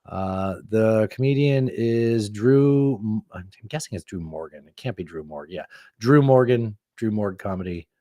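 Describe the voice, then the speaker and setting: A man in his thirties hosting a casual podcast, rambling and animated, who swears casually. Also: on the low side, normal speed, no room sound. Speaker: podcast host. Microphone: studio microphone.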